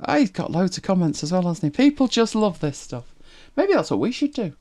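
A streamer from northern England with a softened northern English accent, chatting casually to viewers while reacting to videos, musing aloud and laughing often. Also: medium pitch, big pitch swings, fairly quick.

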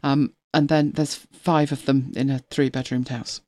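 A woman's voice: rumbling low, little pitch movement, a little slow, darkish tone, dry recording. A middle-aged woman hosting a casual live stream, chatting at length and laughing often as she talks. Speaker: livestream host.

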